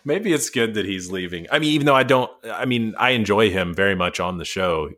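A man co-hosting a podcast, rambling and nitpicking a TV episode in casual chat, quick to laugh. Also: on the low side, lively intonation, bright, forceful tone. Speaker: podcast co-host.

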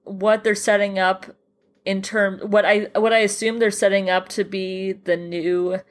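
A woman co-hosting a podcast chats casually while reviewing a TV episode, her style hesitant and full of restarts. She has a medium-pitched, level, unhurried voice.

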